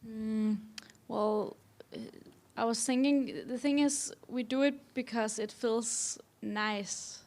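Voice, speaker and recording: Woman, fairly high voice, soft and hesitant audience member. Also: steady tone, slow. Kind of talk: casual chat.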